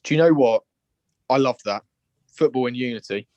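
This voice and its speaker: A man's voice: medium pitch, normal speed, dark tone, no echo, lo-fi sound. A young man with a Scouse accent, calling in to give a passionate, indignant fan's opinion. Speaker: caller. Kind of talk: phone-in fan opinion.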